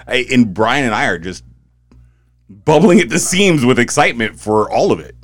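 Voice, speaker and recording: A man's voice: mid-range voice, very animated, normal speed, no room sound. A man hosting a podcast, upbeat and agreeable, laughing often in casual studio chat. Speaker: podcast host.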